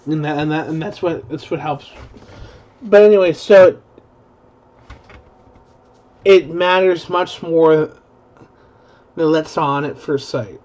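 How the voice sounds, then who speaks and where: A man's voice: on the high side, slow, pauses often, darkish tone. A young man rambling in a profane live-stream commentary, full of restarts. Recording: dull lo-fi stream audio.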